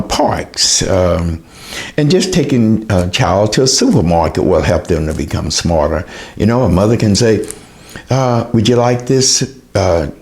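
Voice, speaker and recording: A man lectures earnestly about raising children. He hesitates often, and his pitch swings widely as he stresses his points. He speaks with plain emotion. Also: vocal fry, a little mellow.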